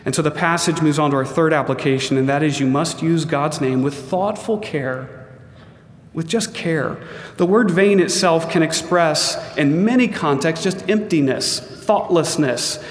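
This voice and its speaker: A middle-aged man delivers a sermon with earnest emphasis, his voice sitting somewhat high for a man. He acts out the quotes he tells and slips in humor. A long hall reverb trails behind his words. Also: measured pace. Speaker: pastor.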